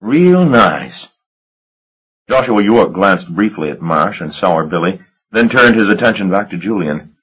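A man narrates an audiobook in a measured, dramatic way. His voice is deep and husky. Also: fairly bright tone, lo-fi sound. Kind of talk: scripted narration.

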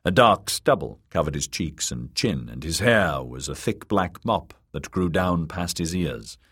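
A man narrating a fantasy audiobook in measured storytelling. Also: deep voice, animated, fairly bright tone, slightly rough.

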